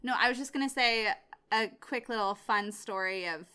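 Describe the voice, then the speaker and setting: A woman's voice: on the high side, normal speed, bright, forceful tone, smooth. A young woman co-hosting a podcast in casual chat, chatty and self-mocking. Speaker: podcast co-host.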